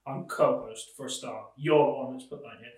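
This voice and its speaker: A man's voice: mid-range voice, fairly even intonation, moderate pace, echoey room, far from the mic. A man co-hosting a comedy podcast, exasperated and scolding his partner in disbelief. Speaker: podcast co-host.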